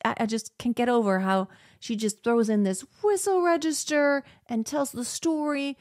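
A woman's voice: fairly high pitch, moderate pace, darkish tone, no echo, clean studio sound. A young adult woman vocal coach reacting in casual, enthusiastic commentary, now and then singing short demonstrations.

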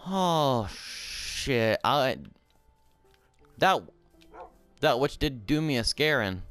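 A man giving casual gameplay commentary, swearing and shouting in frustration, then talking softly to his in-game pet. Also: medium pitch, animated, drawn-out words, pauses often, clear, resonant tone, faint music behind.

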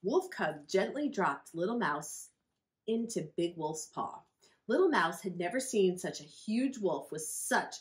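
A woman's voice: lowish voice, unhurried. Librarian lady reading a kids' book, friendly, voice bouncing up and down a lot. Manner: expressive, friendly storytelling. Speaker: children's librarian. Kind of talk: reading a picture book aloud to children.

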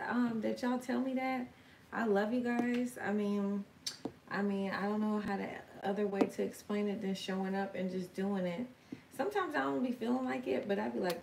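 Gravelly yet a little mellow, the woman's mid-range voice moves at a moderate pace with fairly even intonation, recorded from a distance in a roomy room with faint ambience and slight noise. Hosting a tarot live stream, she chats casually, reading and answering viewer comments in slangy, sometimes sweary fashion.

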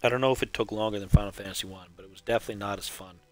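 A man's voice: on the low side, steady tone, very fast, soft background music. A man giving wry, rambling running commentary while he streams a game. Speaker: streamer playing through a game marathon. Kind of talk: casual live-stream commentary.

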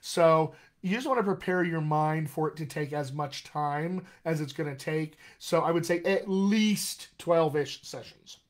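A man coaching actors on accents in a live-streamed Q&A, energetic and encouraging, calling his viewers "my friends". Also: a little high, a little slow, hardly any pauses. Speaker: dialect coach. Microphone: computer mic on a live video stream.

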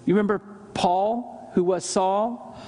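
A man's voice: high-pitched, fairly even intonation, slow pace, mellow, in a large hall. A man preaching a sermon as pastor, earnest, acting out scripture quotes with emphasis. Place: church service.

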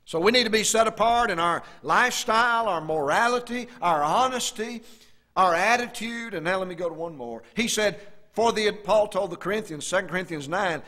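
A preacher delivering a sermon with a bright, ringing voice set fairly high for a man. He talks to the congregation in a folksy way and draws scripture out slowly and loudly.

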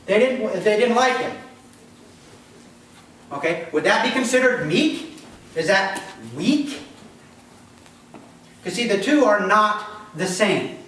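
A man's voice: high-pitched, lively intonation, slow pace, long pauses, fairly bright tone, heavy reverb, far from the mic, a little hiss or hum, rough recording. A man preaching a sermon as pastor, talking conversationally, quizzing the congregation and acting out voices. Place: church.

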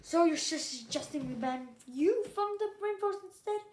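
A woman's voice: high-pitched, a little fast, close to an everyday voice. A woman reading aloud and voicing a stern, bossy male elder dragon who bellows and hisses at the young. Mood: scolding. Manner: bellowing, hissing, scolding.

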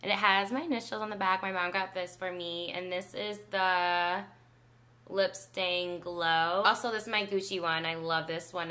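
A woman's voice: on the low side, pushed and bright. A young woman chatting casually through a makeup routine as a beauty vlogger, full of filler likes. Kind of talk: casual makeup tutorial chat.

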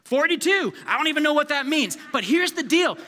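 A man preaching a live sermon as a youth pastor, energetic and conversational, calling on the crowd to answer back. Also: very high voice, a little fast. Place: church service hall. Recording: long reverb of a large hall.

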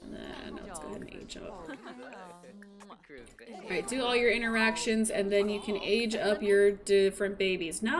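A woman's voice: mid-range voice, moderate pace, pauses often. A young woman live-streaming a life-sim game, chatting casually and gushing over the game while thanking her chat. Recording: loud game music behind. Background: game music.

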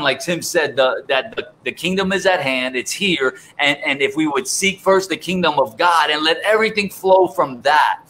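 A man hosting a casual faith livestream, telling animated stories, laughing often and repeating words. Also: a little high, slight background noise, low-quality recording. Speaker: host.

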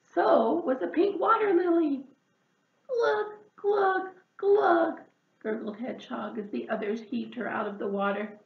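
A woman, a children's librarian, reading a picture book aloud slowly and expressively at a preschool storytime. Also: a little high, creaky. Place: library room. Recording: echoey room, dull lo-fi sound.

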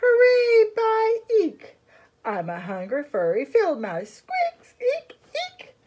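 A woman voicing a shy little field mouse in a sung children's storybook, squeaking high. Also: huge pitch swings, slow pace, a little mellow, lo-fi sound, a little hiss or hum, exaggerated voice. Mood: timid.

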